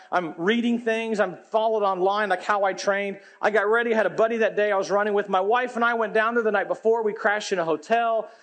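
A pastor, telling a humorous personal story in a folksy, animated sermon. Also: male voice, high voice.

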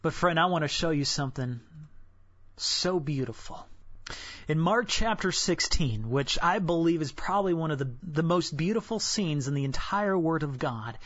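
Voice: medium pitch, animated, moderate pace, dry recording. Casual devotional preacher who talks like a friend and drops to a whisper for weight; dry, dull lo-fi sound. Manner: conversational, drops to a hushed whisper for solemn points. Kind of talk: devotional sermon.

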